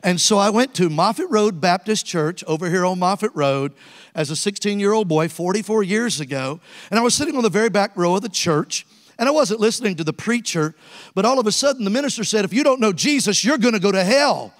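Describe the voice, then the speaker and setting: With a high-pitched, expressive voice and a slightly fast delivery, a man in his 60s preaches in a large hall. He is an evangelist in a church sanctuary who tells stories and calls out to the congregation.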